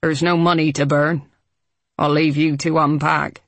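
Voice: mid-range voice, flat delivery, measured pace, a bit bright, no room sound. A reader voicing a curt, stern old housekeeper. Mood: irritable. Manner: short, clipped, grudging speech. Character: stern older woman housekeeper, curt and irritable.

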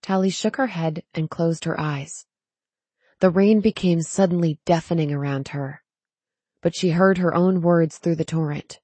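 Woman, audiobook narrator, measured, steady, lowish voice, dry close sound. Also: breathy edge, no echo. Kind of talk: scripted narration.

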